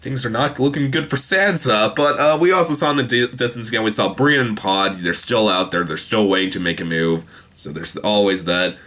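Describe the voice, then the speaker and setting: Speaking on the low side in a bright, forceful tone, a young man reviews a TV show by casually recapping an episode. His talk rambles with many fillers and restarts, and he quotes characters in quick voices.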